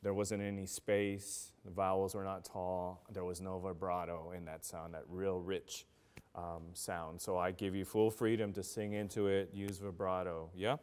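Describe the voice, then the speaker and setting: A man directing a choir through vocal warm-ups, giving brisk coaching cues between exercises. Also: sits low, flat delivery. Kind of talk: leading choral warm-ups. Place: rehearsal room with a choir. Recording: piano and choir singing behind.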